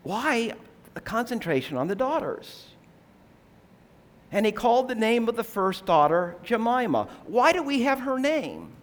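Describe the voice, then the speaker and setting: A man preaching a sermon, explaining scripture in a measured, earnest way and asking rhetorical questions. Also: very high voice, very animated.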